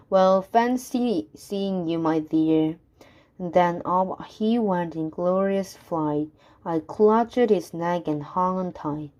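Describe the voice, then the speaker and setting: Woman narrator for a rhyming storybook, low voice, very slow and measured. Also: a little mellow, muffled recording. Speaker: reader. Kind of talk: reading a rhyming story aloud.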